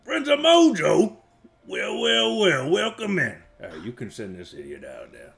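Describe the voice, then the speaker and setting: A man's voice: a little high, huge pitch swings, unhurried, gravelly, fairly bright tone, soft background music, pitched above the performer's own voice, exaggerated voice. A man voicing an arrogant, menacing male cat shopkeeper in a tabletop role-play, with a taunting, threatening manner. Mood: jovial.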